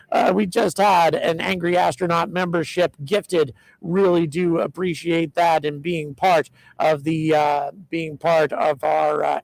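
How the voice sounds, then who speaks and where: Gravelly man hosting a livestream. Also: fairly high pitch, no echo, low-quality recording. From United States. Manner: reads out viewer locations and thanks donors; frequent ums and uhs, excited. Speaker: livestream host. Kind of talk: casual livestream chat.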